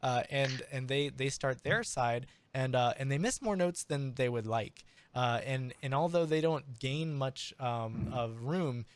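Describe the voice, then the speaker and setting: A man narrating a tabletop game as game master, animated and full of restarts. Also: medium pitch, a little slow, hardly any pauses, clear, resonant tone. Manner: animated, many restarts and fillers.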